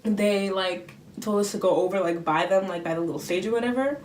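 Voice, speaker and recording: A young woman gushing through a fan story in a casual, excitable way. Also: medium pitch, fairly quick, roomy sound, distant mic, slight background noise. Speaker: fan recounting a concert day.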